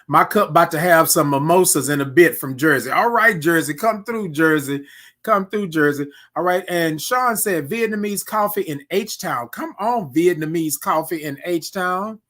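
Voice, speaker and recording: A man with a notably high voice hosts a relaxed morning livestream. He chats easily with viewers and reads their comments aloud. He keeps tagging his lines with "right?" and "y'all.". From Houston, Texas. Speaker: host. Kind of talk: casual livestream morning chat. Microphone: desk microphone he can move aside.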